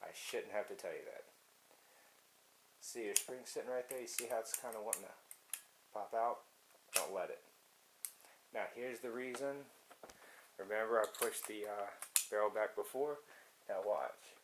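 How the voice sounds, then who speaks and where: Low-voiced man giving a hands-on how-to. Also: measured pace, long pauses, background noise. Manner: casual, talks to the viewer while working. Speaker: firearms video host. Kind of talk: casual how-to demonstration.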